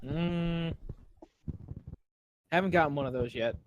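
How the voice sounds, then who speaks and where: A man with a fairly high voice cuts in during casual stream commentary with dry, joking asides. Loud crowd noise runs behind his voice. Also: takes it slowly, dull audio. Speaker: co-host.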